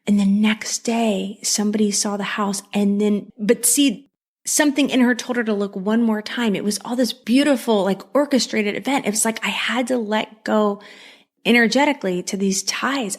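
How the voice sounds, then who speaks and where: A woman's voice: medium pitch, normal speed. Woman hosting a solo podcast, earnest and heartfelt, repeats for emphasis. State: moved, near tears. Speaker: podcast host. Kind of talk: solo mindset podcast monologue.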